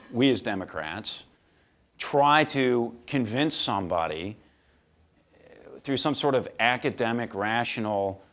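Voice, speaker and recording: Male guest speaker, lively pitch, blunt and casual, acts out both sides of his stories, lecture-hall talk. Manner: casual, blunt, laughs while telling stories. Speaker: guest speaker at a law school. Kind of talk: storytelling talk.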